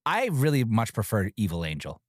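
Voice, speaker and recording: Lively man chatting about a show. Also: a little fast, no echo, studio quality. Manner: animated, jumps into high voices when quoting characters. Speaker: podcast co-host. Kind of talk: casual chat.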